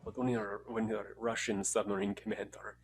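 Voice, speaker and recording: A man's voice: fairly low pitch, little pitch movement, normal speed, background noise. A man co-hosting a podcast, talking casually in a rambling, laid-back way, swearing and laughing. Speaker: podcast co-host.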